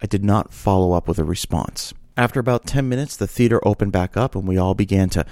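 A male podcast host tells a story as an emphatic, animated rant. His voice sits on the low side and sounds close and dry. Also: fast, no echo.

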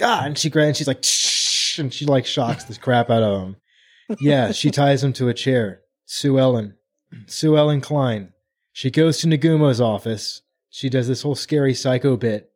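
A man's voice: medium pitch, a little mellow. A man co-hosting a casual book podcast, animatedly retelling a chapter and acting out the characters' lines. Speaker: podcast co-host. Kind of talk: casual book-club chat.

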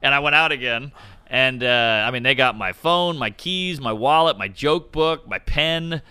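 A man's voice: mid-range voice, moderate pace, clean tone. A comedian in his twenties with an unusual, old-fashioned voice, telling profane stories in a casual chat. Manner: animated, acts out voices in anecdotes, profane. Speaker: comedian guest. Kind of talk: casual podcast chat, storytelling.

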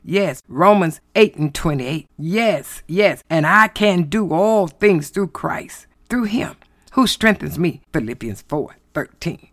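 A woman's voice: fairly low pitch, expressive, slow, no room sound, clean studio sound. A woman preaching a sermon with an emphatic cadence, full of exclamations and repetition.

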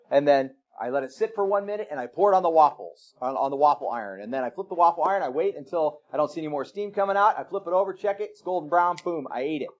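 High-voiced man preaching conversationally. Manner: conversational preaching with frequent tag questions and homely examples. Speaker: pastor. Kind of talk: sermon.

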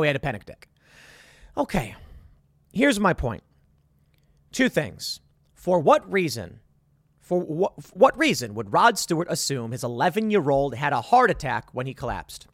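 Lively sarcastic male commentator. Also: on the high side, no echo, studio quality. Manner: sarcastic, exasperated, rambling with restarts. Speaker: commentary show host. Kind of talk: opinion commentary monologue.

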